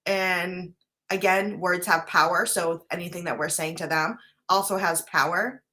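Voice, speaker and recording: Speaking a little slowly in a lowish, steady voice with a sharp edge, this woman is a life coach chatting to camera with her viewers. Earnest and talkative, she keeps asking "right?" and at moments gets briefly choked up.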